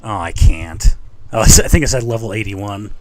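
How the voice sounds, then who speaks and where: A man's voice: lowish voice, moderate pace. A man giving casual, chatty commentary on a video game, talking to his viewers. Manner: excitable, chatty, talks to viewers. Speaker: streamer. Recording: game music behind a live stream.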